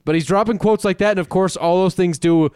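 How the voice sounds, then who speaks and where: A man co-hosting a casual sports betting podcast, animated and profane, laughing often. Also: sits high, brisk, clear, resonant tone, no room sound, studio quality. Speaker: podcast co-host.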